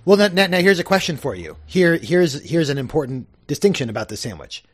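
A man's voice: on the high side, very animated, a little fast, slightly rough, no room sound. Wry male podcast co-host, dry sound. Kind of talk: casual chat.

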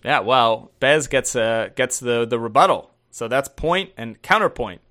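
A man's voice: mid-range voice, measured pace, a bit bright. A man co-hosting a casual podcast, reading a listener's letter aloud in a wry way and laughing as he goes. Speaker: podcast co-host.

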